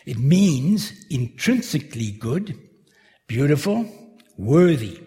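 A man preaching a sermon, slowly and carefully working through a Bible passage verse by verse. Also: mid-range voice, a little mellow. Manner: slow, measured expository preaching. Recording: long hall reverb.

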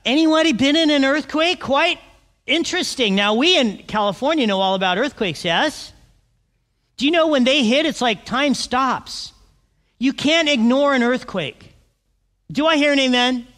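A man preaching a sermon, animated and asking his congregation questions. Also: extremely high pitch, normal speed, big-room sound. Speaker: pastor.

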